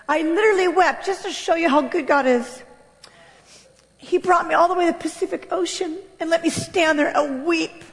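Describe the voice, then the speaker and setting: A woman giving an animated church testimony, acting out quotes and laughing as she tells her story. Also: extremely high pitch. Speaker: speaker sharing her testimony. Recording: long reverb of a large hall.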